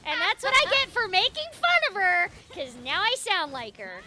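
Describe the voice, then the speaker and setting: A woman hosting a casual chat in an animated, chatty way, with a light Minnesotan tinge to her American accent. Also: very high-pitched. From Seattle, USA. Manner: chatty, animated, quick to laugh. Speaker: host.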